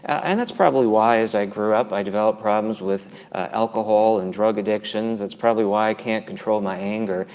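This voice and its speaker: With a fairly low, darkish voice, a man delivers a conference talk on abuse and faith, earnestly retelling and quoting survivors he interviewed. He speaks briskly with hardly any pauses, and a long hall reverb surrounds the recording.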